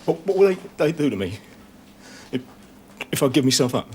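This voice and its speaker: An actor playing a desperate, cornered male gunman in a TV police drama, with a rough voice that swings between threats and fear. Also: on the high side, sing-song, a little fast, mellow, slight background noise. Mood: frightened. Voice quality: rough, menacing, volatile. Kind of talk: television police drama acting.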